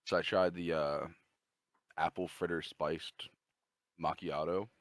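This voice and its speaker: A man with a very deep voice chats casually on a podcast in a relaxed, easygoing way. He is recorded dry, with no room echo. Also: takes it slowly. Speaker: podcast co-host. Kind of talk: casual chat.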